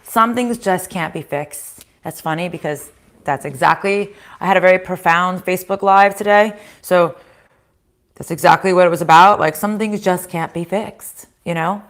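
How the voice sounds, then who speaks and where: A woman's voice: lowish voice, fairly even intonation, normal speed. A woman giving a casual tarot reading at home, chatting to viewers, voicing their inner thoughts and swearing freely. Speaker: tarot reader. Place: home kitchen in a house.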